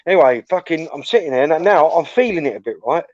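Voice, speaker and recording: A man's voice: fairly high pitch, quick pace, no room sound, highs cut off. Crude rambling man on a stream. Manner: crude, swearing, storytelling, animated. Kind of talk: casual chat, rambling anecdote.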